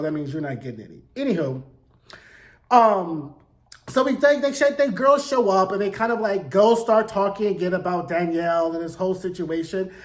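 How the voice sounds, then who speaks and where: Sassy, profane man recapping TV. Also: sits high. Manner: sassy, animated, profane, lots of "like" and "right?". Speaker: TV recap host. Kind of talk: casual review commentary.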